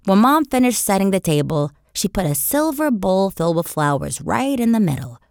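A woman narrating a children's story in the first person as a young boy, with expressive storytelling. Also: mid-range voice, moderate pace, no room sound, clean studio sound. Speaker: audiobook narrator.

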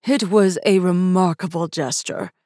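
A woman's voice: fairly low pitch, animated, unhurried, a little mellow, no room sound. A woman voicing a kindly, self-satisfied knight who speaks in formal, grand phrases. The sound is dry and close. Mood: pompous.

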